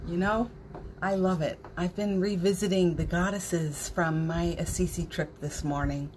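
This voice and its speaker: A middle-aged woman hosting a spiritual morning livestream, greeting viewers by name in a gentle, playful way with small laughs. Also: lowish voice, steady tone, unhurried, a little hiss or hum. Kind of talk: live-streamed spiritual talk greeting viewers.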